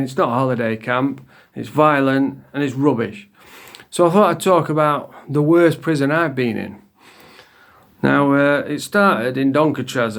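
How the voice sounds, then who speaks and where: A man's voice: medium pitch, gravelly. A man, a former prisoner telling stories in a blunt, sweary manner with dry humour. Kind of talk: casual storytelling to camera.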